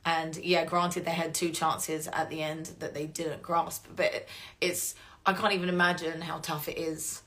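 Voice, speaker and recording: A woman's voice: fairly low pitch, a bit bright. A woman with an English accent chatting casually to fans on a live-stream Q&A, rambling, swearing freely and getting emotional. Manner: gets emotional and laughs often. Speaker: voice actress hosting a fan Q&A stream.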